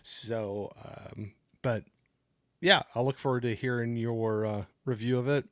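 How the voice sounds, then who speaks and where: A middle-aged man hosts a relaxed livestream from home and speaks at a mid-range pitch. He rambles through his thoughts, thanks viewers and reads their chat aloud. The close microphone sounds dry, with no room echo. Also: unhurried. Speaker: livestream host. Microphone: new desktop microphone.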